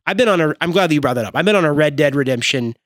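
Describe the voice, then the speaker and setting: Animated man on a podcast. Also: fairly high pitch, racing, no room sound, studio quality. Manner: animated, swears freely, does impressions. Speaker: podcast co-host. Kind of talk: casual chat.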